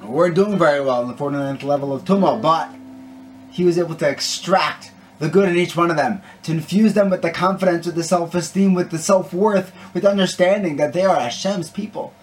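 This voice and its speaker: A man's voice: fairly high pitch, fairly quick. A man giving a short Torah talk with a story, speaking in an earnest, conversational way and often restarting his sentences. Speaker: Torah teacher. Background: guitar music.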